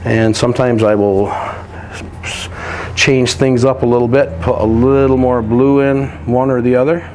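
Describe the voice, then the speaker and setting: A man teaching a painting lesson, walking through each step in a relaxed, practical way while he works. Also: mid-range voice, unhurried, slight background noise. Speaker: painting instructor.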